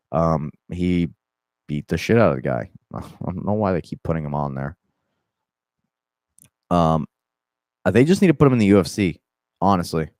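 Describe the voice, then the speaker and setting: Low-voiced, rambling Southern man. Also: a little mellow, clean tone, no echo, studio quality. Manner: loose, profane, rambling with restarts. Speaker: MMA podcast host. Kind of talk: casual commentary.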